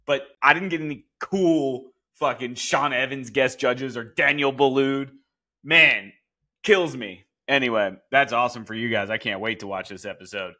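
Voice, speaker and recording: A man's voice: medium pitch, moderate pace, bright, forceful tone. A man in his thirties, a podcast host giving a blunt, chatty recap of a cooking competition, swearing casually. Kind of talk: casual commentary.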